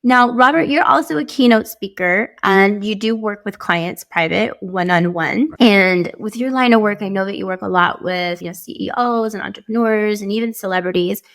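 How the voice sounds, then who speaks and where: A woman hosting a podcast, chatting in an animated way and laughing lightly as she tells her own story and asks questions. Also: medium pitch, moderate pace, hardly any pauses. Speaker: podcast host. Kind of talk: casual interview chat.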